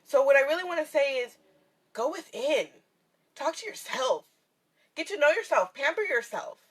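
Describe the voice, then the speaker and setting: High-voiced tearful woman, candid and emotional. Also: very animated, moderate pace, fairly bright tone. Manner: emotional, candid, swears freely, laughs often. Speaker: spiritual reader and vlogger. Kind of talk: casual heartfelt livestream talk. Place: in her van in bright sunlight.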